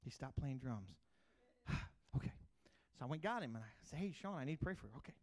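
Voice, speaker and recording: A middle-aged pastor, preaching a sermon in a conversational storytelling way, swinging from loud bursts to quiet asides. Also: male voice, medium pitch, very animated, fast talker.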